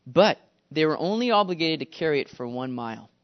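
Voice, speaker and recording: A man's voice: on the high side, fairly quick, highs cut off. A man preaching a sermon, telling stories with animation and acting out the quotes. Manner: animated storytelling, acts out quotes. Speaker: pastor.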